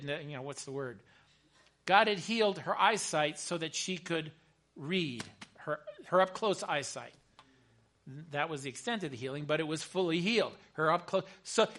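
A man, a chaplain, telling a story in a sermon, earnest and repeating words as he builds to bursts of excitement. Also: high-pitched. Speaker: chaplain preaching.

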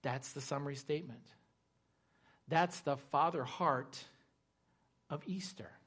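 A man preaching a sermon, retelling a scripture story dramatically and shifting between loud emphasis and hushed asides. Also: on the high side, a little slow, slightly rough. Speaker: pastor.

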